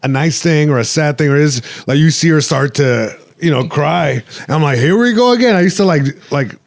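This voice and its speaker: A man's voice: on the high side, normal speed, gravelly, no echo, studio quality. A man hosting a podcast, talking reflectively in casual chat with many fillers and restarts, slipping into Spanish phrases. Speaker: podcast host.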